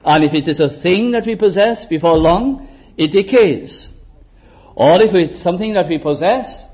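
An older man preaching a sermon, earnest, rising to emphatic exhortations and dropping low and quiet. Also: lively intonation, moderate pace.

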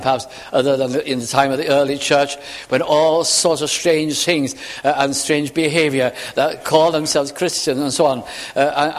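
Man, preacher, earnest, measured scripture reading, slightly high voice. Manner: earnest, measured, quotes scripture slowly then explains. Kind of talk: expository sermon reading scripture. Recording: reverberant hall.

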